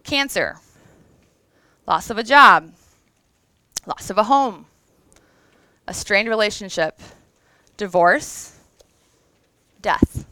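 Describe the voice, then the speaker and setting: A woman in her thirties speaks to an audience in a conversational, earnest devotional talk, emotional at times. Her voice is smooth and resonant, at an average pitch for a woman. The sound is dry and close, with no room echo. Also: animated, slow pace, pauses often, bright, forceful tone. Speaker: women's event speaker.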